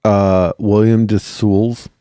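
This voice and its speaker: A man's voice: fairly low pitch, flat delivery, takes it slowly, dark tone, smooth, no echo, studio quality. A man co-hosting a podcast in casual chat, joking and playful. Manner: joking, playful, acts out scenes in silly voices. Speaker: podcast co-host.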